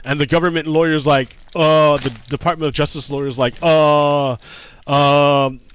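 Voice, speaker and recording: A man's voice: on the high side, fairly even intonation, fairly quick, fairly bright tone, highs cut off, a little hiss or hum. Heated, profane man streaming. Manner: heated, profane, repeats himself. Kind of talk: casual livestream commentary.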